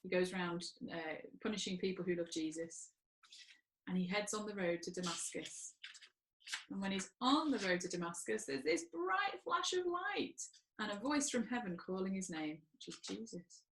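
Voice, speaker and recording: A woman leading an online children's church session, talking gently and playfully to small children while doing crafts and telling a story. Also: mid-range voice, lively intonation, normal speed, slight background noise, poor audio. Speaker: children's church group leader.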